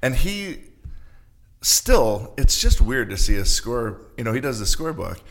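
A man's voice: mid-range voice, a little slow. A man talking as a podcast guest, chatting casually and telling funny stories with lots of laughter. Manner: animated, laughing storyteller. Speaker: arena announcer as podcast guest. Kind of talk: casual chat.

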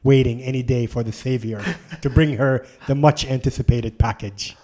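A man telling a long travel story in casual conversation, animated and laughing often. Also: mid-range voice, normal speed. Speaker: guest storyteller.

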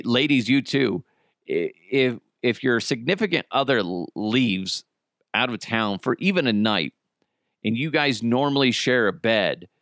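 A man's voice: mid-range voice, fairly bright tone, dry recording, studio quality. Rambling, joking male podcast host. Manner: rambling, joking, self-deprecating, swears a lot. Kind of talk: rambling solo comedy podcast.

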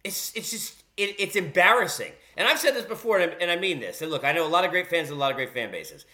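Male host, combative opinion monologue, bright, forceful delivery. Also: high-pitched, expressive, quick pace. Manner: blunt, sarcastic, combative. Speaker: podcast host. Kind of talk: opinionated sports rant.

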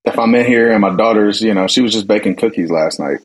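A man talking as a podcast guest, telling relaxed stories full of restarts and laughs. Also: lowish voice, fast talker, slightly rough, poor audio. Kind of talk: casual conversation.

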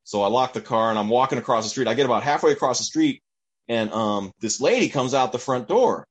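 A man in casual chat, telling an anecdote in an animated way and acting out the voices of people in it. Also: mid-range voice, fairly quick, breathy edge. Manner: animated, acts out voices in his story. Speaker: storyteller.

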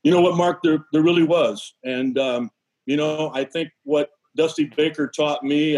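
A man from Connecticut with a high, husky voice tells baseball stories with real energy. He acts out the voices of teammates as he goes. The delivery is lively, and the voice sits noticeably above most men's. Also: rough recording. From Connecticut, USA. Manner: lively anecdotes, acts out other people's lines. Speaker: former pitcher telling stories. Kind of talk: animated storytelling on a sports show.

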